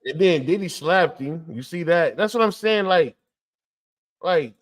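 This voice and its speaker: A man's voice: on the high side, lively intonation, measured pace, no room sound, studio quality. A man co-hosting a podcast in casual chat, teasing and telling stories. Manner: teasing, storytelling delivery. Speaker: podcast co-host.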